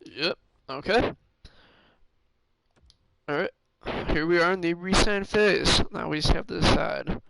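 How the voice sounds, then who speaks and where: A man's voice: on the high side, unhurried, creaky, long pauses, a bit bright, slight background noise, rough recording. A man streaming a hockey management game, thinking aloud in casual commentary with many fillers and restarts. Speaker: gaming streamer.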